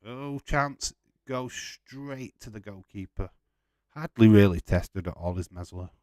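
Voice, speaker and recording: Man, lowish voice, dry close mic, casual watch-along host who swears and laughs a lot. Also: expressive, a little slow, darkish tone, dry recording. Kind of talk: live football watch-along chat.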